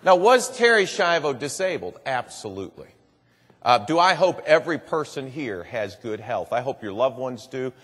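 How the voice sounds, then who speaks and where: A man's voice: mid-range voice, very animated, moderate pace, fairly bright tone, slightly rough. A man telling a story in earnest to a live audience. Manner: earnest storytelling, repeats "and boy". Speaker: public speaker. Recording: long hall reverb.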